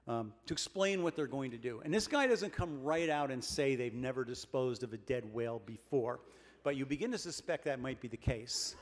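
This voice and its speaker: An older man giving a comic keynote speech at a dinner, deadpan and wry, building his jokes with pauses. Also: mid-range voice. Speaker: keynote speaker. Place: large banquet hall with a dinner audience. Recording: reverberant banquet hall, faint room noise.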